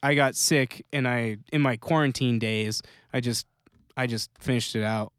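Casual, halting man chatting about a show. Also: mid-range voice, fairly even intonation, fairly bright tone, dry recording, studio quality. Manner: rambling, halting restarts and fillers. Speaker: podcast co-host. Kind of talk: casual chat.

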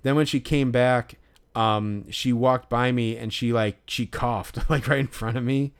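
A man's voice: mid-range voice, steady tone, measured pace, smooth. A young man and podcast co-host telling a long, profane, ranting story in casual chat.

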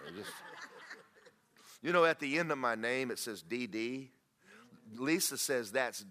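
A man's voice: medium pitch, bright, forceful tone. A middle-aged man preaching a sermon. He tells folksy stories and rises into fervent prayer. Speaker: pastor.

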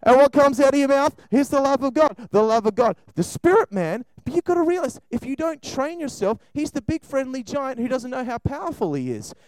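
A man preaching an animated sermon to children and a congregation, acting out voices as he goes. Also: extremely high pitch, brisk, few pauses, no room sound, rough recording. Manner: animated, acts out voices, shifts between loud and soft.

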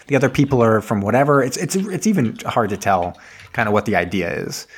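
A man's voice: medium pitch, very animated, a little fast, breathy edge. A man co-hosting a podcast from home over an internet call, recapping a movie in a rambling, laughing way with many restarts. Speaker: podcast co-host. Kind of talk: casual movie recap chat.

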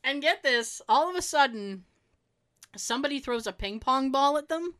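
A woman chatting casually, telling an animated story, laughing often and acting out the people she quotes. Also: high voice, normal speed.

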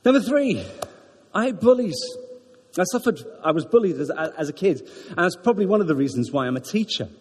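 Welsh man, jokey church talk; lively, husky, higher voice in a reverberant hall. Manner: chatty, self-deprecating, jokey, halting with ums. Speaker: church member giving a talk. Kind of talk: informal sermon talk.

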